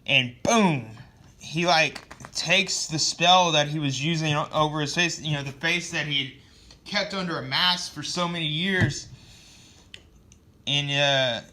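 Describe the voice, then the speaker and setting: A man giving a casual, rambling comic book review, sarcastic and quick to swear. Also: on the high side, sharp tone.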